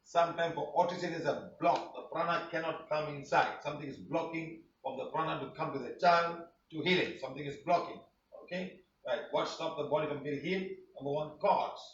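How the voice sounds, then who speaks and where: A man's voice: a little high, fairly even intonation, fairly quick, a bit bright, slight background noise. A man teaching a healing class, rambling and repeating himself for emphasis. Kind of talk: online class presentation. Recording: roomy, distant, dull sound.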